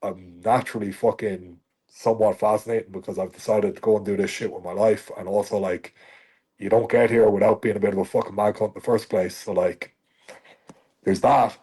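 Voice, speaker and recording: An Irish man in his thirties with a husky voice that sits low. He talks bluntly and emphatically, swearing freely as he answers interview questions. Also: steady tone, a little fast, dark tone. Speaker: fighter guest. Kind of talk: podcast interview.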